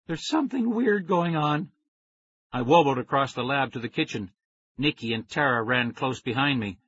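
A man reading a children's story aloud in first person, with expressive storytelling. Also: mid-range voice, husky, no room sound. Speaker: audiobook reader. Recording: dry, dull lo-fi recording.

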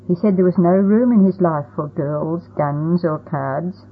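A woman's voice: fairly low pitch, measured pace, a little hiss or hum. Commanding old grandfather, as a woman reads him. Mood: explaining. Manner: commanding, firm. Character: stern, proud old colonial grandfather. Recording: tinny phone-like audio.

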